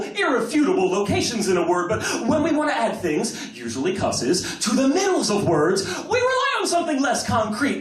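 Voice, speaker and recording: An American man performing a spoken-word slam poem with dramatic, swooping delivery and comic cussing. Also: high voice. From United States. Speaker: slam poet. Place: large hall on stage. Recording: roomy hall from a distance.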